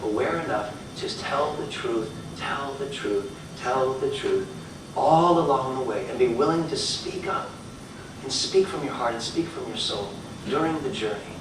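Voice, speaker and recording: Man giving an animated talk in an echoey hall. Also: mid-range voice. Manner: animated storytelling, swings between loud bursts and quiet lines; repeats phrases for emphasis. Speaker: motivational speaker. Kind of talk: live inspirational talk. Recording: echoey hall from far off, faint noise.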